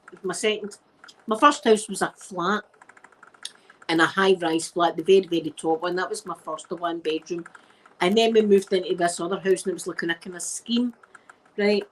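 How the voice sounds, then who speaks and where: A woman's voice: medium pitch, a bit bright, rough recording. Chatty Glaswegian woman telling stories. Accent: Glaswegian Scottish. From Scotland. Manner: chatty anecdotal storyteller using Scots words. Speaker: ASMR creator. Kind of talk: ASMR storytelling chat.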